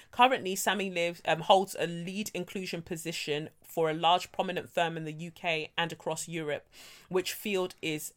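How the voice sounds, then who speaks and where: A woman co-hosting a podcast, reading out a listener's letter and chatting casually, animated and quick to laugh. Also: lowish voice. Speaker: podcast co-host.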